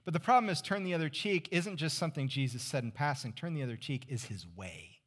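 Conversational preacher with hushed low moments. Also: male voice, animated, fast talker. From California Central Valley. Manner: conversational, rhetorical questions, drops to near-whisper for emphasis. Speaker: pastor. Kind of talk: sermon.

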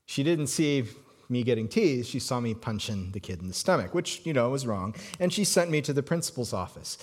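A male pastor preaching to his congregation in a relaxed storytelling way. He stumbles and restarts often, then sinks to a soft, hushed voice to press a point home. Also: medium pitch, fairly quick, husky. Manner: storytelling with many restarts, drops to soft hushed tones for emphasis. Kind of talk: sermon.

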